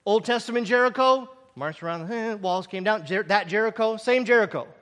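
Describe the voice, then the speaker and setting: A man preaches with a very high, ringing voice, hammering each point home and drawing his listeners in with questions. His words trail off into the long reverb of a big hall. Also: a little fast, a bit bright. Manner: repetitive, emphatic, draws in the audience. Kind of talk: sermon.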